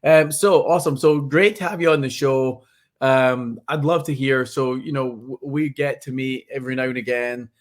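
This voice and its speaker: A man's voice: medium pitch, fairly even intonation, normal speed. A man from Scotland with a Scottish accent, hosting a podcast interview in a friendly, chatty way with frequent restarts. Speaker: podcast host. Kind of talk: casual interview chat.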